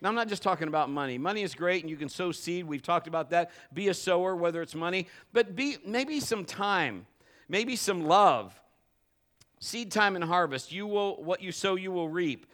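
A man's voice: high-pitched, animated, moderate pace, fairly bright tone. A middle-aged man preaching a live sermon in a church, emphatic and building to fervent exhortation. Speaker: pastor. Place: church service.

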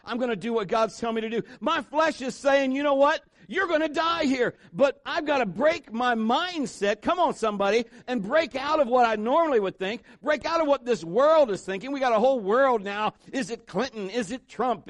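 A man's voice: very high-pitched, lively intonation, a little fast, hardly any pauses, no echo. A man preaching a sermon in church, mixing jokes and acted-out quotes into his message. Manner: joking asides, voices quotes. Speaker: pastor.

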